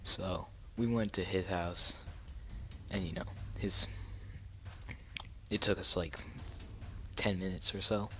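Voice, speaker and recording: A man telling a story casually on his channel, with a low voice. He rambles, restarting sentences and filling gaps with fillers. His tone is bright and forceful. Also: fairly even intonation, slow, pauses often, a little hiss or hum. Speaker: YouTuber.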